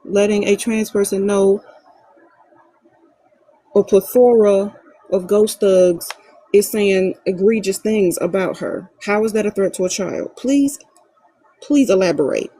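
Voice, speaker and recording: Slow, husky woman pressing a point. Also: medium pitch, dark tone, no echo, poor audio. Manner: pointed, demanding explanations. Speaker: live audio chat room speaker. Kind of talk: heated live group chat.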